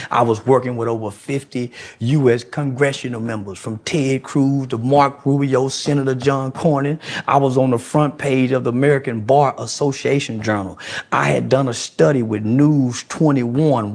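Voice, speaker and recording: A man in a heated monologue, profane and confrontational, swinging between loud outbursts and low mutters. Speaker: internet commentator.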